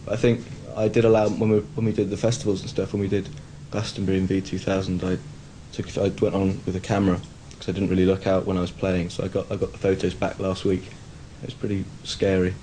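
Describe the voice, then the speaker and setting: Low-voiced, mellow young British man. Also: fast, few pauses, slight background noise, low-quality recording. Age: 20s. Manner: relaxed, candid and wry. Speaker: band member. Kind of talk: casual interview chat.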